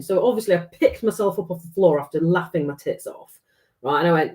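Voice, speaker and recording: A woman's voice: fairly low pitch, brisk, darkish tone. A middle-aged woman from England, chatting casually as a podcast guest, swearing freely and acting out the dialogue in her stories. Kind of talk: casual storytelling chat.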